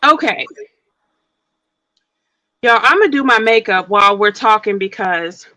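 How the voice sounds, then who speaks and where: A woman's voice: medium pitch, animated, measured pace, pushed and bright, poor audio. A woman telling a story on a casual live stream. She sounds out of breath and talks in a chatty, colloquial way to her viewers.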